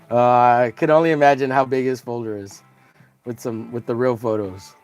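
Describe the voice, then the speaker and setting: A man's voice: medium pitch, normal speed, darkish tone, soft background music. A man hosting a casual drawing livestream, joking crudely and greeting viewers by name as he works. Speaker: livestream host.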